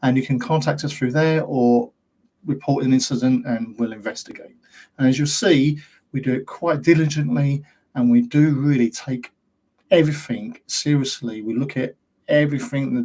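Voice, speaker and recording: A man's voice: mid-range voice, dark tone. Rambling British man ranting to camera. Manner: rambling, ranting, asks rhetorical questions. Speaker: host of a paranormal investigation channel. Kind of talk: casual monologue to camera.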